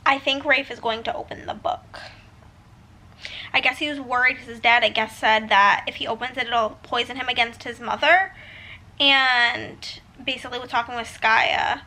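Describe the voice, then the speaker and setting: A woman's voice: on the high side, fairly even intonation, normal speed, sharp tone, rough recording. A young woman book vlogger reading passages aloud and reacting emotionally in a casual vlog. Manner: emotional, gushing, reads quotes then reacts.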